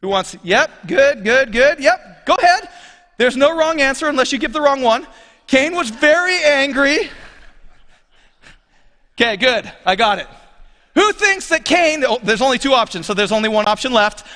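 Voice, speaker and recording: A pastor with a high, bright voice preaches to his congregation in a relaxed, conversational way, tossing questions out to the room. His voice swoops up and down freely, with a long reverb from the church hall around him. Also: normal speed. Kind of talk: sermon. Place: church sanctuary.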